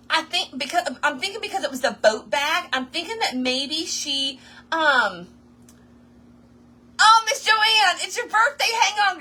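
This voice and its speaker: A woman, chatting to viewers as she crafts and tells a story. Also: sits high. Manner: chatty, animated, talks to viewers as y'all. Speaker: craft livestream host. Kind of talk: casual storytelling while crafting.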